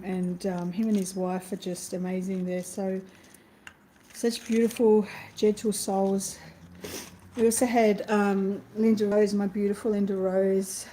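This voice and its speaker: An Australian woman hosting a live stream, chatting gently and haltingly with many pauses and fillers. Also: medium pitch, slight background noise, rough recording. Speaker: spiritual channel host. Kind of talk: live-stream casual chat.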